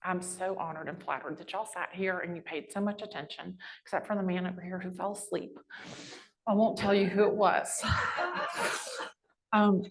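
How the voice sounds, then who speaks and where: Chatty woman telling stories. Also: on the low side. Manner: chatty, animated storyteller with lively quoted voices. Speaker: real estate agent and guest speaker. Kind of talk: storytelling talk to a live audience.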